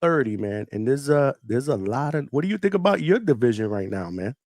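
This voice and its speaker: A man hosting a live call-in show, upbeat, laughing easily and quick with short affirmations. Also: medium pitch, expressive, darkish tone, dry recording, clean studio sound. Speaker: host.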